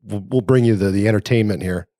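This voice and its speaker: A man's voice: lowish voice, fast, mellow, dry recording, studio quality. A man hosting a casual podcast, telling rambling stories and laughing as he goes, talking over a remote call. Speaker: podcast host. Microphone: remote call setup.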